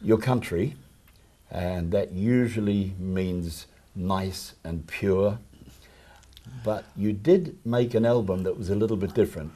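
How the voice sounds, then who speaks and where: A male host with a deep, dark and slightly husky voice. He keeps his questions short and moves his guest along. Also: slow. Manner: brief prompting questions. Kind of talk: interviewing.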